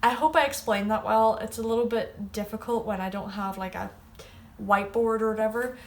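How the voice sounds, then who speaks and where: A woman's voice: fairly high pitch, fairly even intonation, brisk, slight background noise. A young woman teaching a casual spoken lesson. She chats as she explains, patient and drawn out on each word. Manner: chatty, explains patiently, drawls out the Irish words. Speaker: Irish language teacher.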